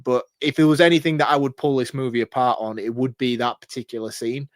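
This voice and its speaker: Animated, laughing male podcast co-host. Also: medium pitch, fast talker, no echo, studio quality. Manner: laughs often, loose and animated. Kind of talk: casual chat.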